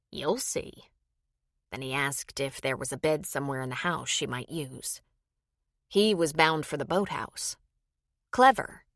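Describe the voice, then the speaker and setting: A woman narrates a romance audiobook in a steady storytelling read. Her voice sits low, and the recording is dry, with no room sound. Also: gravelly, no room sound. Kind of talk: scripted narration.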